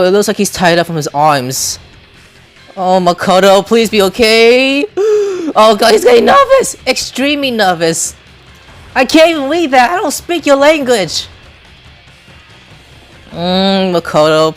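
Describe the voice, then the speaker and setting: A woman giving let's play reaction commentary, excitable, with loud outbursts and swearing. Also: a little high. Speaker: gaming YouTuber.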